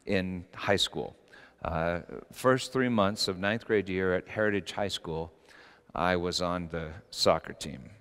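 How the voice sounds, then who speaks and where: A middle-aged male pastor preaches with a lively, swooping voice and a smooth, resonant tone. He tells stories and bursts into shouted quotes. The sound carries a long reverb, as in a church hall. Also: mid-range voice. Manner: storytelling preacher, animated, acts out quotes with sudden shouts. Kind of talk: sermon.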